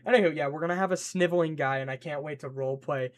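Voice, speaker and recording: Slightly high male voice, excitable rambling streamer, casual chat, reacting to chat. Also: fast talker. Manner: excitable, rambling, scolding his pet and reading chat.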